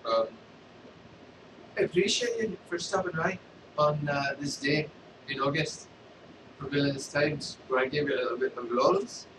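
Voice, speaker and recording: A man's voice: fairly high pitch, normal speed, pauses often, roomy sound, recorded from a distance, noisy background. A man hosting a casual comedy monologue who rambles and keeps checking in with his listeners. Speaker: host.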